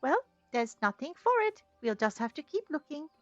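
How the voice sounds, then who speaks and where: A tiny, chirpy forest creature squeaks high and bright, bouncing up at the ends of its lines, as a woman streamer puts it on. The sound is a touch dull and lo-fi, like a home stream mic. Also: big pitch swings, normal speed, no echo, faint music behind. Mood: curious. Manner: chirpy, ends lines with a cute verbal tic.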